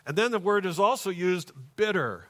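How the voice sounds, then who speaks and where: A pastor preaching a sermon in church, moving between hushed, slow passages and raised, emphatic ones. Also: male voice, sits high, sing-song.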